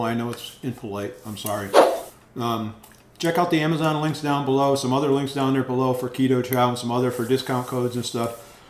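A man's voice: medium pitch, fairly even intonation, fairly quick. A man hosting a casual food review vlog, rambling with repeated words and lots of ums. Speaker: food reviewer, channel host. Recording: echoey room with faint noise.

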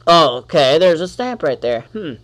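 A man giving let's-play commentary on his gameplay, talking to the enemies on screen and quickly getting annoyed. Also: fairly high pitch, sing-song. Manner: talks to the enemies on screen, easily annoyed, exclaims.

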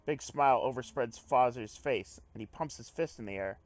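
A man hosting a let's play, reading a visual novel aloud and breaking off into excitable, swearing commentary. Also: mid-range voice, moderate pace, no echo. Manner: excitable, swears, jumps between reading and reacting.

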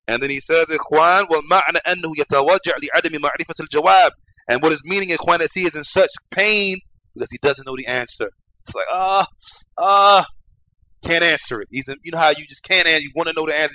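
Male lecturer, fairly high voice, quick delivery, alternates rapid Arabic recitation with repetitive English explanation; dry recording. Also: pushed and bright, poor audio. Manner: reads Arabic quickly then explains in English, repeats phrases. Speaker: religious lecturer. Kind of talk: Islamic lecture.

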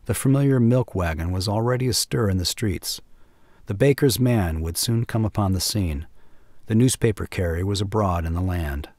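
A man narrating a classic short story in a measured, even way. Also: fairly low pitch, no echo.

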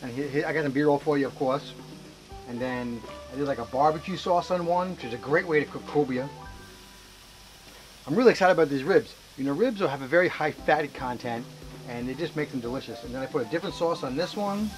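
A man co-hosting a home cooking segment on camera chats fairly quickly in a voice on the high side, with faint music behind him. Moving between kitchen and grill, he rambles and frequently starts his sentences over.

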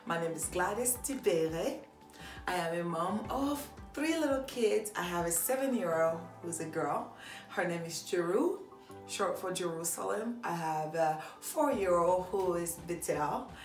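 A woman's voice: fairly low pitch, expressive, measured pace, reverberant, faint music behind. A woman in her thirties from Ivory Coast with an Ivorian French accent, chatting upbeat and casually in a get-to-know-me vlog. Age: 30s. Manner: upbeat, chatty, laughing often. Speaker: vlogger.

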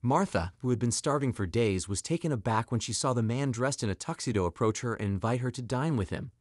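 A man's voice: medium pitch, lively intonation, brisk, dry recording, studio quality. A man reading a scripted story as narrator.

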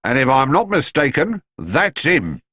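A bitter, indignant policeman from a storybook, his voice pushed high and full of grievance, as a man puts him on. Dry, close recording. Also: huge pitch swings, unhurried, pushed and bright, slightly rough, dry recording, full character voice.

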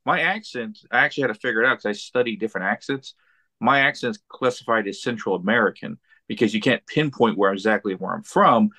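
A man's voice: fairly low pitch, fairly quick. A man from Texas with a slight Southern accent, chatting animatedly as a podcast guest. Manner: animated, repeats words when getting started. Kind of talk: casual chat.

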